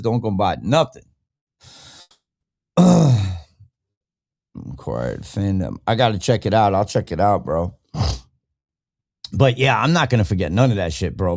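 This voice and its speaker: A man's voice: mid-range voice, no room sound, clean studio sound. A man hosting a live podcast, ranting angrily and bluntly with heavy swearing while greeting chat viewers by name. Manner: angry, profane, blunt ranting. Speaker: podcast host. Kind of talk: livestream rant.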